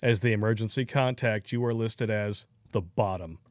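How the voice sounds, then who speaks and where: A man's voice: on the low side, moderate pace, dry recording. A man in his thirties co-hosting a casual live stream, reading donations aloud and teasing his co-host. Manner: joking, teasing, reads messages aloud.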